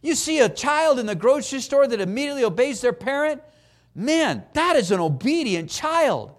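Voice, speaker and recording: A middle-aged man preaching a sermon, animated, acting out voices and having the congregation repeat phrases after him. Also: very high-pitched, moderate pace.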